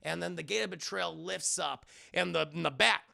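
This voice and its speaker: A man gives a casual, profane episode recap in a high, heavily gravelly voice. He sounds bright and forceful, and the recording is close and dry. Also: moderate pace. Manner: loose and profane, acting out the scenes. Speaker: show reviewer.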